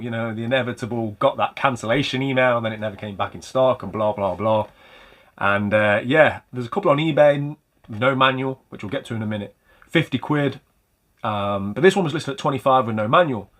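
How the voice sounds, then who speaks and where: A man chats through his retro game haul in a loose, rambling way. He pokes fun at himself as he goes, and his voice sits at a middling pitch. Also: a bit bright. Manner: chatty, rambling, light self-mocking humor. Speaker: retro game collector and channel host. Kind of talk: casual vlog chat about game pickups.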